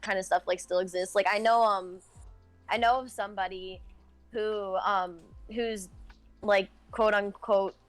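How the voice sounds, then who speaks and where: A woman's voice: medium pitch, fairly even intonation, measured pace, no room sound, faint music behind. A woman talking in a casual podcast chat, hesitant and full of "like" fillers. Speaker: podcast guest.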